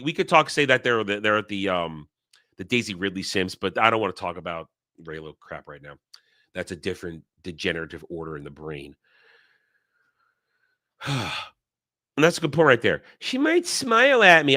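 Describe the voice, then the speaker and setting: A man's voice: medium pitch, sharp tone. A man hosting his own commentary channel, ranting bluntly and crudely in casual talk, with many restarts and mocking quotes. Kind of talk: casual opinion rant.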